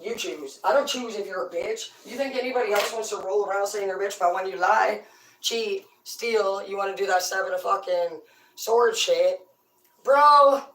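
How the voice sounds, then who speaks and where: A woman's voice: mid-range voice, steady tone, moderate pace, slight background noise. A woman hosting a tarot channel, ranting casually with brash, profane, rambling talk. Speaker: tarot reader and host. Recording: echoey room, voice far from the mic.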